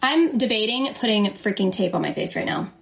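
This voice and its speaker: A woman's voice: medium pitch, expressive, brisk, creaky, faint music behind. A young woman chatting casually on a live stream at home, gushing over her dogs. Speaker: livestream host. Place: home, indoors.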